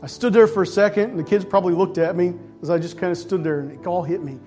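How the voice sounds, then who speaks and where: A middle-aged male pastor telling a personal story in a sermon, acting out voices and sometimes shouting with excitement. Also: high voice, fast talker, soft background music. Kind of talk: sermon testimony.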